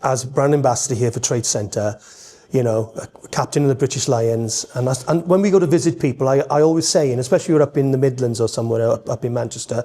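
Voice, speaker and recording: A middle-aged Welsh man and entertainer, telling rambling, animated stories in a podcast conversation, full of restarts. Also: medium pitch, fast. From Wales.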